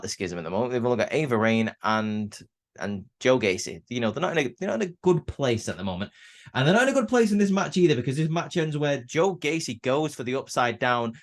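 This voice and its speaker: A man casually recapping a wrestling show, talking loosely with lots of fillers and restarts. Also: mid-range voice. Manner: chatty, many fillers and restarts.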